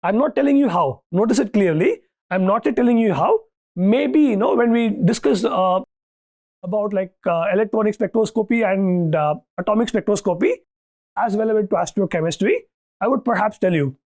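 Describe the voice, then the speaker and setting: Lecturer, university lecture, restarts, checking questions, mid-pitched voice. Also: normal speed, darkish tone. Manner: repeats "okay, right?" to check understanding; thinks aloud with restarts and fillers.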